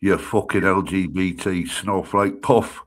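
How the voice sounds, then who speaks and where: A man's voice: low voice, fairly even intonation, a little slow. A man, heckling bluntly and swearing heavily during a stream. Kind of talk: casual stream banter.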